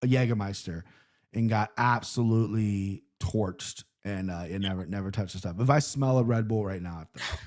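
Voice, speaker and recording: A man's voice: on the low side, normal speed. Rambling, profane man telling stories. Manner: rambling, profane, animated storyteller. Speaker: podcast co-host. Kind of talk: casual storytelling chat.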